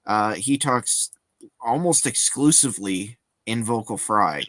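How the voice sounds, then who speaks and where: A man's voice: on the low side, expressive, a little slow, fairly bright tone, no room sound. A man co-hosting a casual talk show, explaining at length with many fillers and small hesitations. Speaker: co-host. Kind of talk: casual chat.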